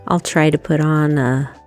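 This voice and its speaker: A woman vlogger doing a relaxed, chatty voice-over while congested from allergies, easygoing and self-deprecating. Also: low-pitched. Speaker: craft vlogger. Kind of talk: casual voice-over chat.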